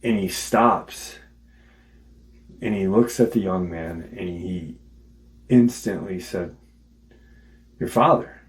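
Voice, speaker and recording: A man casually retelling an encounter as a podcast host, halting with many ums and restarts. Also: low voice, a little mellow, poor audio. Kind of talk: casual spoken storytelling.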